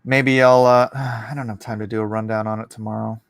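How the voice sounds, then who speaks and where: A man hosting a casual livestream, animated and jokey, reading chat and bantering with his co-host. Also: fairly low pitch, fairly quick, dry recording. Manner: animated and jokey, breaks into laughs.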